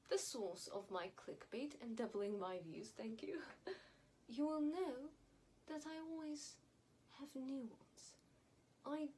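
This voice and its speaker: A woman's voice: high-pitched, warm tone, a little hiss or hum, low-quality recording. A woman vlogger giving opinionated, wry commentary straight to her viewers, with mocking repetition. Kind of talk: casual commentary to camera.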